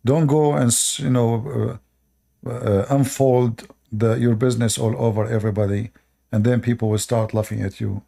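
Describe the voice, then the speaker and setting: In a casual live stream monologue, a Middle Eastern man with an Arabic accent, a native Arabic speaker, lectures his viewers via short, repeated commands and broken grammar. His mid-range, dark voice has vocal fry, fairly even intonation and a moderate pace.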